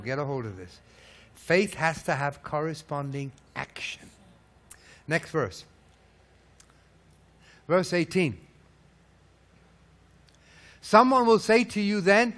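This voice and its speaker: High-voiced man preaching emphatically. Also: big pitch swings, slow, pauses often. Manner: emphatic, hammering rhetorical questions; swings between loud peaks and low hushed lines. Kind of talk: sermon.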